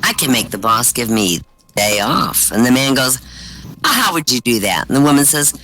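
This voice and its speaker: A man doing stand-up, telling one-liners and short jokes with deadpan punchlines over voice chat. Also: medium pitch, normal speed, a little hiss or hum, rough recording. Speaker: stand-up comic. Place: virtual-world comedy venue, voice chat.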